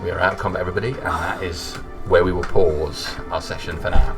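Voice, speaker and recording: A man's voice: sits low, steady tone, fast talker, recorded from a distance, music in the background. A man running a tabletop game as dungeon master, narrating the action to his players.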